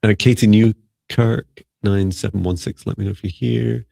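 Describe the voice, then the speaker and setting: Deep gravelly male psychic mentor. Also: steady tone, normal speed, dry recording. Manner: gentle, rambling advice with many fillers. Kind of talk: live-stream psychic reading.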